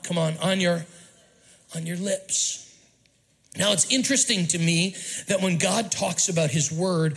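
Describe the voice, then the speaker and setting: A man's voice: on the high side, rough recording. A man preaching a sermon as pastor, emphatic and repetitive, prompting the congregation to call out answers. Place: church auditorium.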